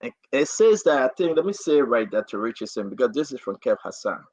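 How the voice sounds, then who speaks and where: Man, gravelly, breathy, passionate political commentary, dry recording. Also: mid-range voice, quick pace, no room sound. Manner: repetitive, rising to animated outbursts. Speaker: talk show host. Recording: dry, dull lo-fi audio.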